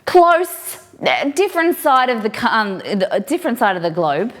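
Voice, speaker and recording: A woman's voice: on the high side, sing-song, moderate pace. An Australian woman streaming while she cooks, chatting casually and answering viewers' comments as she goes. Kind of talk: live-stream cooking chat.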